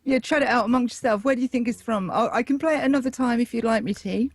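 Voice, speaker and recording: A woman running a casual quiz, brisk and teasing with the players. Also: a little high, no echo. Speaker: quiz presenter.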